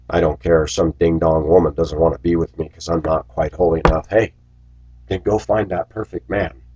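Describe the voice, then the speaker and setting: A man's voice: sits low, normal speed, lo-fi sound, background noise. A man who drives a school bus, telling stories and preaching in a rambling, aggrieved personal monologue. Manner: preachy, aggrieved, storytelling with asides.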